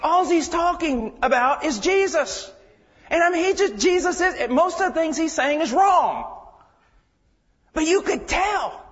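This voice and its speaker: Impassioned high-voiced preacher in a hall. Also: male voice, expressive, a little slow. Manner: impassioned, swinging from shouts to hushed tones. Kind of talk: sermon. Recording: dull lo-fi sound with long hall reverb.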